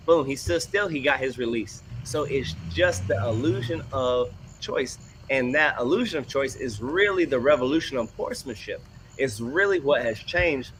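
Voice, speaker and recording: A man who trains horses, commenting on student videos in a folksy, animated way. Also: medium pitch, moderate pace, noisy background. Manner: folksy, animated, puts on voices for quoted people and horses.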